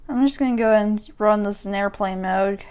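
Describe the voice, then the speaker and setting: A woman's voice: medium pitch, fairly quick, darkish tone, clear, resonant tone. A woman giving a casual tech walkthrough as a YouTuber, rambling and often restarting her sentences as she corrects herself.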